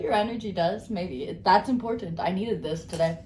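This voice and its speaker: A woman's voice: mid-range voice, normal speed, hardly any pauses, a little mellow, reverberant, slight background noise. Bubbly rambling tarot-reading woman. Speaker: tarot reader. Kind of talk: casual tarot card reading.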